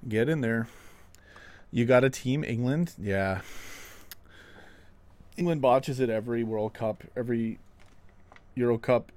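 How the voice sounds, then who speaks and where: A man's voice: medium pitch, unhurried, long pauses, darkish tone. Chatty man hosting a football live stream. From Canada. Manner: chatty, self-mocking, reads chat aloud. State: out of breath. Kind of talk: casual live-stream chat. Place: home room, window open.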